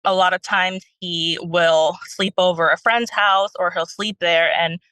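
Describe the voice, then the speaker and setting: A woman's voice: lowish voice, steady tone, a little slow, bright, forceful tone, dry recording, low-quality recording. A young woman calling in as a stay-at-home mom, telling her story in a rambling way with many fillers. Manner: rambling, lots of fillers, retells quotes.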